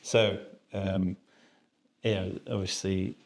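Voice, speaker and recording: A man hosting a podcast, talking in a relaxed, rambling way with many fillers. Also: deep voice, drawn-out words. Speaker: podcast host. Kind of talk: casual podcast chat.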